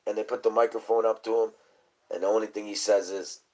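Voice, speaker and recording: Rambling, profane man, low voice. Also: level tone, fast talker, low-quality recording. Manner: rambling, profane, conspiratorial, mumbles off into quiet asides. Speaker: livestream host. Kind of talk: rambling casual livestream talk.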